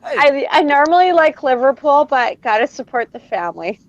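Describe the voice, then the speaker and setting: High lively Canadian woman. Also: normal speed, no echo, lo-fi sound. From Alberta, Canada. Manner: laughing often, swearing, teasing. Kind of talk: casual group video chat. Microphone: video call.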